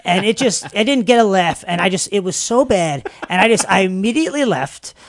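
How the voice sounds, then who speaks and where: A man, a comedian guest telling stories in a casual interview, animated and laughing often. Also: high-pitched, brisk. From Long Island, New York. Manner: animated storytelling, laughs often, many fillers and restarts. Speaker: podcast guest, stand-up comedian.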